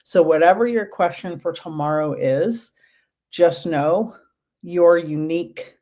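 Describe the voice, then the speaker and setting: A woman giving card readings to a live chat audience, gentle and reassuring, calling out viewers' names again and again. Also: lowish voice, slow pace. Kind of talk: livestream reading.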